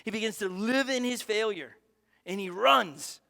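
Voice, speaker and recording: A male pastor preaching a sermon in a conversational, energetic way, with asides and quick restarts. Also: high-pitched, gravelly, long reverb tail.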